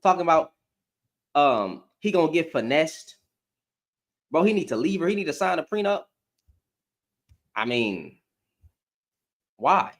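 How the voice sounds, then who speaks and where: A man's voice: a little high, sing-song, unhurried, long pauses. A man giving a blunt, profane opinion rant to camera, firing off rhetorical questions as a commentary vlogger.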